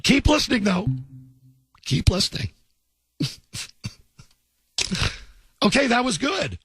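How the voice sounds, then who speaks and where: A man's voice: very high-pitched, sing-song, slow pace, a bit bright, slightly rough, no echo. A man hosting a morning radio show, teasing his callers with wisecracks. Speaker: radio host. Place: radio studio.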